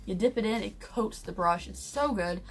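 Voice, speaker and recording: A woman's voice: mid-range voice, normal speed. A young woman from the United States chatting candidly and enthusiastically through a casual makeup review. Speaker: beauty vlogger.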